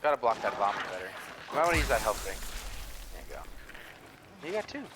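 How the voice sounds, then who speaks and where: A co-streamer offering dry, wry remarks and tips during a game stream. The mid-pitched voice moves lively up and down, over a faint hiss of background noise. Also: racing. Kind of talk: casual chat while gaming.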